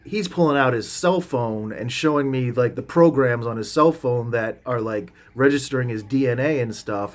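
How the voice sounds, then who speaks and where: A man is casually telling a long story to the camera and wandering off into side remarks as he goes. He talks at a middle pitch, loosely and conversationally, and his sentences often restart and trail off. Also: moderate pace, hardly any pauses. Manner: casual, drops the odd swear word. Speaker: vlogger. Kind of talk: rambling anecdotal storytelling.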